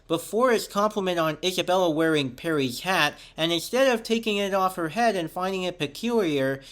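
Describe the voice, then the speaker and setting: A man with a fairly high speaking voice narrates a scripted review. He reads steadily from his notes, walking through one detail after another. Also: fairly bright tone. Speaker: show host and reviewer.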